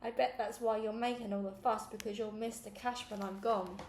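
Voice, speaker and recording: A woman's voice: on the high side, fairly even intonation, a little fast, a little mellow, close to an everyday voice. A woman voicing a defiant, sulky young girl in foster care in a storybook reading. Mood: sneering. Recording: echoey room, faint noise.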